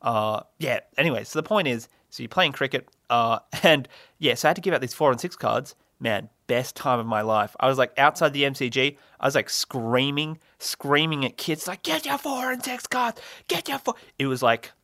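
A man's voice: medium pitch, normal speed, bright, forceful tone, dry recording, studio quality. A young man hosting a solo comedy podcast, rambling and self-mocking with lots of fillers and laughs. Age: young adult. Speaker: podcast host.

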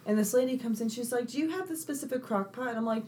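Animated, ranting young woman. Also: a little high, fast talker, few pauses, a little hiss or hum. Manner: animated storytelling, swears freely, acts out quoted people. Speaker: podcast co-host. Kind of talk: casual chat.

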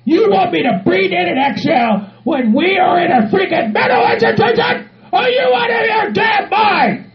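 Casting: man playing a high, yelling hillbilly hothead, forever cursing and outraged; muffled track, crowd noise behind. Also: lively intonation, moderate pace. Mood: furious ranting. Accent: Southern US put on. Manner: shouting, cursing, ranting. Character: loud hot-tempered hillbilly man, middle-aged.

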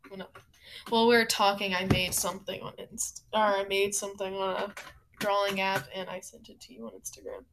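A woman's voice: medium pitch, a little fast, noisy background. A young woman chatting as a guest on a livestream, hesitant and filling her speech with "like". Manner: hesitant, lots of "like". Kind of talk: casual chat.

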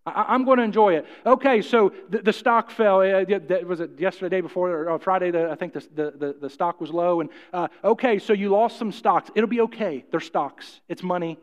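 High-voiced middle-aged pastor preaching, folksy and jokey, repeats himself, muffled recording. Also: male voice, brisk, few pauses. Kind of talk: sermon. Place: church hall. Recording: muffled, with long hall reverb.

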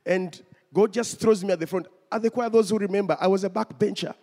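A man's voice: high-pitched, brisk, dark tone. A man preaching a testimony sermon, telling his story and speaking directly to the congregation. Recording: long hall reverb.

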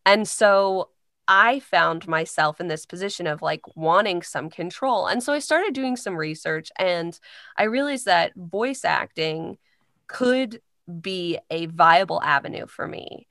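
A woman's voice: fairly low pitch, expressive, a little slow, a bit bright, dry recording, clean studio sound. A young woman from Indiana, a voice-over artist, talking as a guest in a casual interview, chatty and full of fillers. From Indiana, United States. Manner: chatty, many fillers like "like" and "you know".

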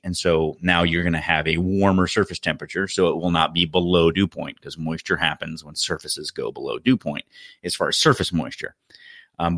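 Deep-voiced man explaining HVAC know-how. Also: bright, forceful tone, no room sound, studio quality. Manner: explanatory, practical, self-correcting. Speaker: HVAC contractor. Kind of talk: podcast technical talk.

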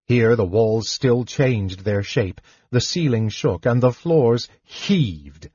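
A man reading a fantasy novel aloud in slow, measured narration. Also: medium pitch, lively intonation, a little mellow, slightly rough, no echo. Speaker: audiobook narrator. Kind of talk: scripted narration. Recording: dull lo-fi recording.

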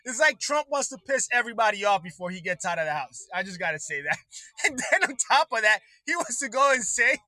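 High, sharp-voiced ranting man. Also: brisk, no room sound, poor audio. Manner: swearing, laughing between lines, excitable. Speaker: livestream host. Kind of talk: profane political rant.

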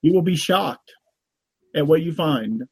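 A man's voice: a little high, animated, a little slow, a little mellow, breathy edge, dry recording. A man who is a guest on a live talk show, chatting playfully and showing off silly tricks. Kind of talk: casual joking chat.

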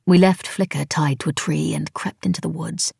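A woman narrating a novel in the first person, with wry, even storytelling. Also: low voice, normal speed, creaky, slightly rough, no room sound, studio quality. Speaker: audiobook narrator.

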